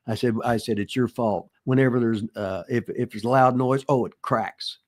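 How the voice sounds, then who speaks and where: A man's voice: medium pitch, normal speed. An older man tells rambling, profane wrestling stories, full of restarts and folksy asides. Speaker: retired pro wrestler answering listener questions. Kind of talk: casual storytelling chat.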